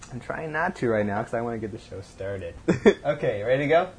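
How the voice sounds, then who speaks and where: Man, show host, animated voice, fast talk, noisy recording. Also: medium pitch. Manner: lively, quick, self-deprecating. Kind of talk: casual chat and show intros. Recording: audible background noise.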